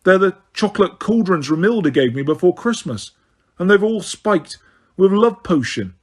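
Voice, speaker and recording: Exasperated teen wizard , man reading, higher and lively, husky. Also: normal speed. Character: exasperated teenage boy wizard, level-headed.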